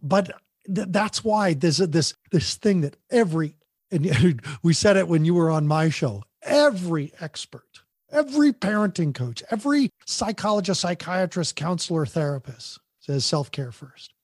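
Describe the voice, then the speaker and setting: Animated man with a husky voice. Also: on the high side, normal speed, no room sound, studio quality. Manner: animated, acts out parent voices, repeats words. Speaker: parenting podcast host. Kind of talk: conversational podcast talk.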